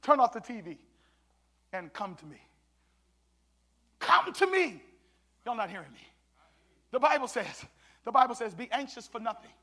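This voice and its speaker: A man preaching a sermon as pastor, swinging from shouted exhortation to hushed asides, with colloquial church call-and-response. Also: very high voice.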